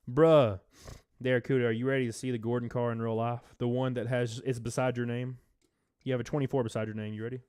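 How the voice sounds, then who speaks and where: A man live streaming, chatting casually, swearing, laughing often and reading chat aloud in a low-key mood. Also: flat delivery, fast, a little mellow, smooth, no echo.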